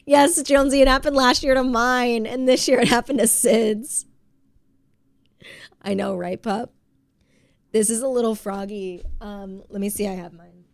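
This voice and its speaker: A woman's voice: fairly high pitch, steady tone, measured pace, pauses often, dry recording. A woman streamer with a stuffy head cold, chatting casually and giggling as she reads her chat.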